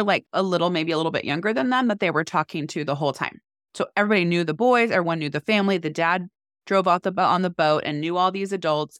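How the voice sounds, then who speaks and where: A woman's voice: fairly low pitch, fairly bright tone, no room sound, studio quality. A woman in her forties, a podcast co-host, telling a story in casual chat with animation and acting out what people said.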